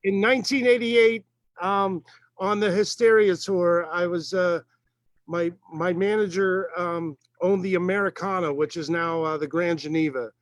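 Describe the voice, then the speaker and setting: A man's voice: sits high, steady tone, measured pace, no room sound. A man in a band speaking earnestly, with stumbling restarts. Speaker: band musician. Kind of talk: casual interview talk.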